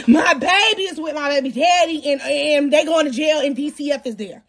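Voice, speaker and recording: A young woman spins a wild personal story for her viewers, her voice sitting high and bright. She talks dramatically, laughing as she goes and lurching between loud outbursts and hushed asides. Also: a little fast. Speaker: podcast host telling her story.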